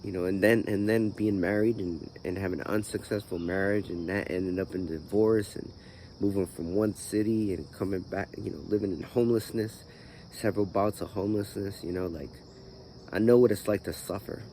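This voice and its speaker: A man's voice: sits low, fairly even intonation, normal speed, warm tone, slight background noise. A man hosting his own channel, talking through his life story in a rambling way with many fillers and a groggy morning voice. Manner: rambling, full of "you know" fillers. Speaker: channel host. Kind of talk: personal vlog talk.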